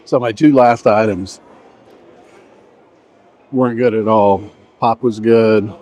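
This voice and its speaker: In a buffet restaurant, a middle-aged vlogger with a fairly low, slightly mellow voice talks slowly with fairly even intonation. He rambles through his food tasting, trailing off mid-sentence between bites.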